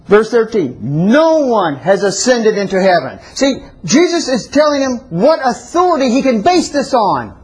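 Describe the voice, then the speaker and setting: A man teaching a Bible class lecture, restarting and correcting himself often, then getting excited and rising sharply in pitch to stress his points. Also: moderate pace, few pauses, slightly rough, rough recording.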